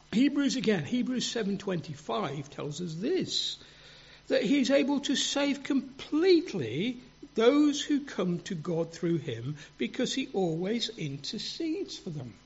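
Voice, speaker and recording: A man preaching a sermon in an earnest, halting way, often repeating and restarting words. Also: sits high, breathy edge. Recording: dull lo-fi sound.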